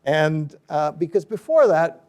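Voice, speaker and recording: A middle-aged man giving a book talk, telling an anecdote in a lively way and acting out the people he quotes. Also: fairly high pitch, a little slow. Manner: animated storyteller, acts out quoted voices. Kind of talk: storytelling lecture.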